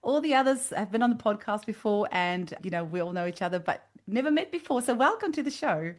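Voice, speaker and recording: A woman's voice: medium pitch, expressive, brisk. A woman hosts a casual podcast conversation, full of enthusiasm as she greets and introduces her guests. She talks in an easy, friendly way. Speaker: podcast host. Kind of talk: casual interview chat.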